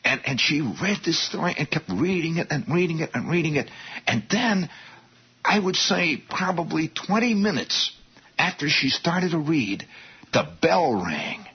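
A man tells a long, rambling story with restarts and asides to his listeners. His voice is very husky and fairly low, and it swings widely in pitch. The recording is dull and lo-fi. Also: big pitch swings, unhurried. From Indiana, US. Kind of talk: storytelling monologue.

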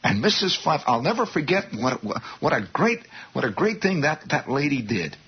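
Guy spinning a long rambly story, really husky voice, swings up and down a lot, dull lo-fi sound. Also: fairly high pitch, normal speed. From Indiana, US. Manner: rambling, animated, with restarts and asides to listeners. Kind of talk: storytelling monologue. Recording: dull lo-fi recording.

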